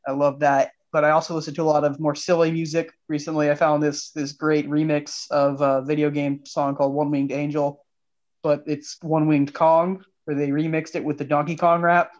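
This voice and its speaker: A man's voice: on the high side, level tone, normal speed, lo-fi sound. A young man, an engineering student guest, chatting in a playful, upbeat way on a podcast. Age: young adult. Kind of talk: casual interview chat.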